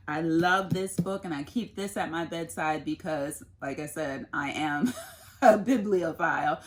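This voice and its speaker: A woman, a mother, talking through her favorite things in an earnest, casual faith and lifestyle vlog. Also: on the low side. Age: adult, mother of a son. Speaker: lifestyle vlogger.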